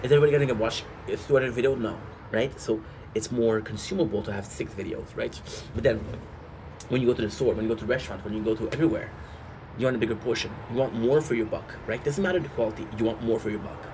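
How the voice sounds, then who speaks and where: A man talking off the cuff on a livestream, drifting from point to point at an ordinary, middling pitch. He keeps checking in with his chat through rhetorical questions, over a faint hiss behind him. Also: quick pace. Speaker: gaming streamer.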